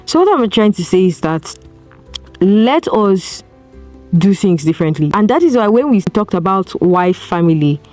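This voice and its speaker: A woman's voice: medium pitch, very animated, moderate pace, darkish tone, faint music behind. A woman with a Nigerian accent hosting an advice podcast, speaking earnestly and piling up rhetorical questions. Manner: earnest, preachy, asks strings of rhetorical questions. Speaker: podcast host. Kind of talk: solo advice talk.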